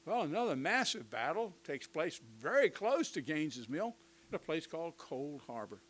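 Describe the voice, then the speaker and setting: An older man giving a conversational history lecture to teachers, with lively asides and touches of humor. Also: a little high, moderate pace, rough recording. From United States.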